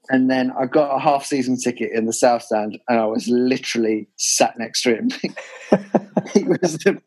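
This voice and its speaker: A man's voice: medium pitch, darkish tone, rough recording. Man telling match stories. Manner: anecdotal, laughing. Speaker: podcast co-host. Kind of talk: casual chat.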